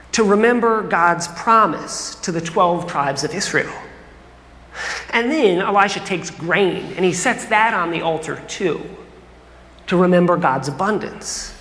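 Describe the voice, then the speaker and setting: Preacher in an echoing hall. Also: medium pitch. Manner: casual, humorous storytelling with lively acted quotes. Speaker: pastor. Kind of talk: sermon. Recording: roomy hall with long reverb.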